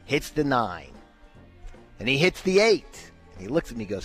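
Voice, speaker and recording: A man's voice: medium pitch, normal speed, soft background music. A man hosting a radio talk show, telling a casual story and acting out the lines he quotes. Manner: animated, acts out quoted lines.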